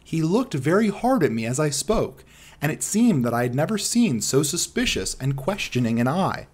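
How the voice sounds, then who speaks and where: A man narrating a classic detective story as an audiobook in a measured storytelling manner. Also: a little high, very animated, darkish tone, slightly rough.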